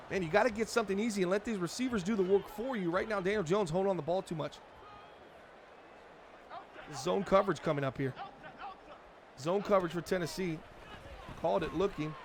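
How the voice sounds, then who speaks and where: A man with a high voice casually commentates his own football franchise game on a live stream, talking play by play like a fan of his team. Slight background noise is present, along with video game music and sounds behind him.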